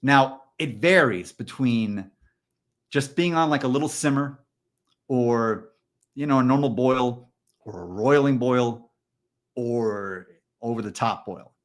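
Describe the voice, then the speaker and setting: A man co-hosting a candid podcast conversation, telling stories in a loose, animated way with plenty of fillers. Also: medium pitch, takes it slowly. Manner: storytelling, animated, frequent fillers. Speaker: podcast co-host.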